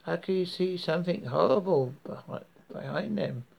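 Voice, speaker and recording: A British man reading a horror story aloud in a slow, measured way, with occasional slips and restarts. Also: sits high, expressive, gravelly, muffled recording.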